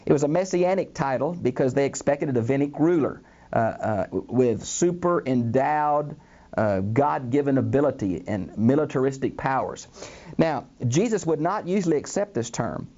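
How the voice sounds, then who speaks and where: An older man teaches a Bible lesson in a recording studio at a moderate pace and medium pitch, with the highs cut off. Animated, he addresses listeners as "friends," acts out the quoted voices, and fills gaps with frequent "uh"s.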